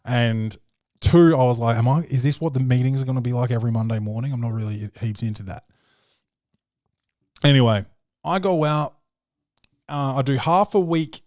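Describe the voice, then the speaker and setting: An Australian man talks casually as a podcast host, rambling through a story packed with fillers and heavy swearing. His voice is at an ordinary middle pitch for a man, a little mellow, at normal speed with long pauses. The recording is dry and close, with no room sound.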